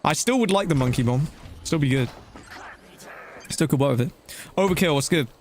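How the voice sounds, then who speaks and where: A young man talks his way through a live game stream, his voice sitting a little high. He chats loosely and casually with his viewers, using easy slang as he plays. A faint ambient hum sits behind him. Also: lively intonation, normal speed. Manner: chatty and loose, talking to chat while playing, slangy with "bro" and "dude".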